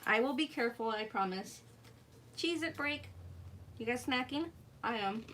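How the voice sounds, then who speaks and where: A woman's voice: on the high side, expressive, normal speed, background noise. A young woman hosting a live craft stream, chatting casually, reading viewer comments aloud and laughing often. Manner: giggly, laughs often, reads chat aloud. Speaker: craft livestream host.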